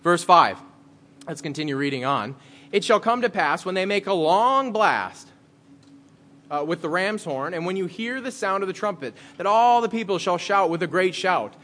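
Slightly high-voiced man preaching a sermon. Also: expressive, normal speed, bright, forceful tone. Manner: conversational, reads verses aloud then explains them. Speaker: pastor. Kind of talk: sermon with scripture reading.

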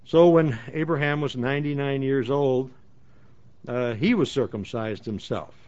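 A man's voice: mid-range voice, a little slow, darkish tone. A man leading a Bible study, reading verses aloud and then explaining them in plain words, with frequent restarts. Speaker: Bible teacher. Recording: dull lo-fi recording.

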